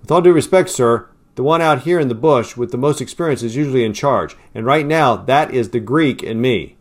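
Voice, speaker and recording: A man voicing a blunt, steady young Marine squad leader who gives commands with firm authority. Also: mid-range voice, brisk, lightly acted.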